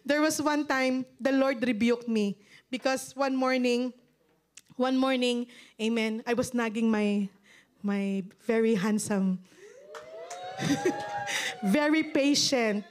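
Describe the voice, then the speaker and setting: A woman's voice: fairly high pitch, sing-song, takes it slowly, long pauses. A middle-aged woman pastor with a Filipino accent preaching a sermon in a playful storytelling way, laughing often.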